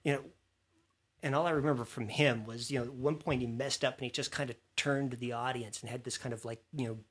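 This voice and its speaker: Husky man telling an animated story. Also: mid-range voice, fast. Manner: animated storyteller, acts out quoted lines. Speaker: former student telling a story. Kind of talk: casual conversation, anecdote.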